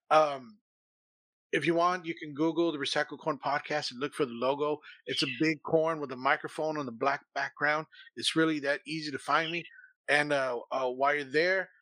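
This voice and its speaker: A man from Texas talks on a podcast with a bright, forceful voice, cracking jokes and cheerfully plugging his socials. The sound is dry and close to the mic. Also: fairly high pitch, no echo, poor audio. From Texas, USA. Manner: bright, forceful, jokey self-promoting. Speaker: podcast co-host, guest. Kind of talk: casual podcast chat.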